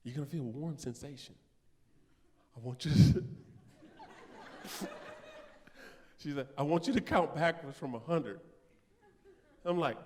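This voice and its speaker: A man's voice: on the high side, a little slow, long pauses. A man performing live stand-up comedy in a large theater, telling a story and acting out both sides of each conversation. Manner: animated, acts out both sides of conversations with big vocal swings. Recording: live theater recording with long hall reverb.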